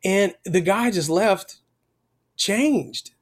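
Speaking very slowly in a high voice, a middle-aged worship musician tells an interviewer a heartfelt personal story, sincere and emotional. When the subject turns to faith, his voice goes soft.

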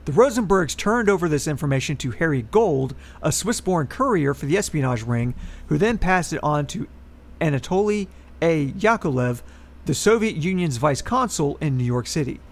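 A man's voice: fairly high pitch, expressive, normal speed. A man co-hosting a podcast, reading out a history segment in casual chat and adding wry political asides. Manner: reads historical facts, then adds wry political asides.

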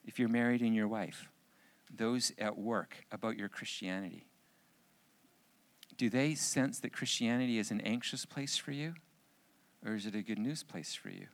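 Male pastor, lowish voice, earnest sermon to men, ends in fervent prayer. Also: lively intonation, moderate pace, creaky, long pauses. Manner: earnest, repeats key phrases for emphasis; grows loud and fervent in prayer. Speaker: pastor speaking at a men's gathering.

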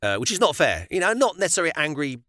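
British male co-host, bright tone, reflective, lively pitch. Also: no echo, studio quality. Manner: reflective, halting, thinks aloud. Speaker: podcast co-host. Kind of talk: casual chat.

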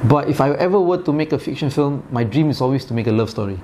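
A man's voice: medium pitch, expressive, fast talker, mellow, slight background noise. A man in his forties from Malaysia with a Malaysian English accent, chatting casually, rambling with fillers and frequent laughs. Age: 40s. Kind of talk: casual chat.

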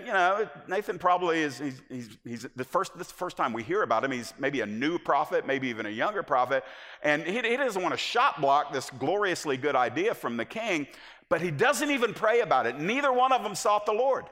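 A man preaching a sermon from the pulpit in a church, animated, stretching out key phrases and acting out the quotes he reads. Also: high-pitched. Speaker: pastor. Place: church sanctuary. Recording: echoey hall.

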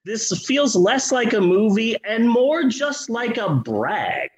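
A man co-hosting a comedy movie-review podcast, talking in a profane, sarcastic, animated way. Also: very high-pitched, slow, rough recording. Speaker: podcast co-host.

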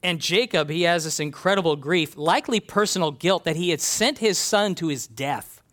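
A man's voice: fairly high pitch, normal speed, fairly bright tone. A man preaching a sermon in a conversational, earnest way, reading scripture aloud and explaining it. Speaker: pastor.

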